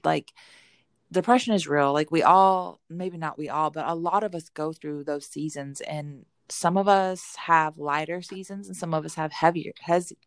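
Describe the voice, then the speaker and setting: Low-voiced candid mom chatting. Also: female voice, dry recording, clean studio sound. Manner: candid, rambling, many fillers. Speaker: podcast co-host. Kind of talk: casual chat.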